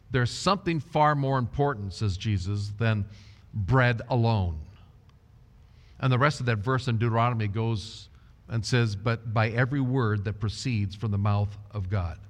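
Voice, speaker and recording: A man preaching a sermon, speaking in a slow, deliberate way and quoting scripture. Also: medium pitch, in a large hall. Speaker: pastor.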